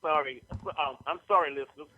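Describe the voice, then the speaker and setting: Male sports radio host, emphatic and excitable, slightly high pitch. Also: brisk, dull audio, a little hiss or hum. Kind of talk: sports talk radio banter.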